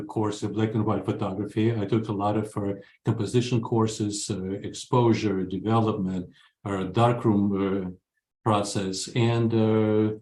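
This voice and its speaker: An older man from Ukraine recounts his career as an interview guest, speaking in a somewhat low voice. He is earnest and halting, pausing often. The recording carries a roomy echo. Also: darkish tone. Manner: earnest, halting, many pauses. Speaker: guest, photographer. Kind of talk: interview storytelling. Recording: echoey room.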